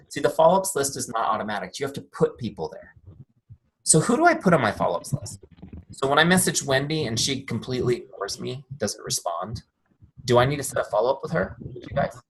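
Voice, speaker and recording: This man, a software founder, runs a casual live training over video call in a medium-pitched, fairly bright voice with big pitch swings and a quick pace. There's a little hiss or hum. He tells stories chattily and often asks "make sense?" to confirm people follow.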